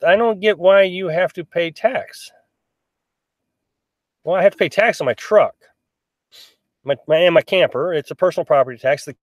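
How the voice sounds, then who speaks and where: A man's voice: on the high side, no room sound, clean studio sound. A middle-aged man hosting a casual live stream, reading out viewer comments and answering them in a chatty, rambling way. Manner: chatty, rambling, many restarts and fillers. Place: in a small pop-up camper.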